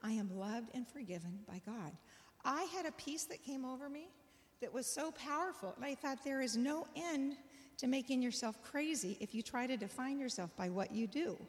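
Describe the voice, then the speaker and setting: A woman's voice: high voice, moderate pace. A middle-aged woman giving a Bible study talk, earnest and personal, often breaking into light laughter. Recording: long reverb of a hall.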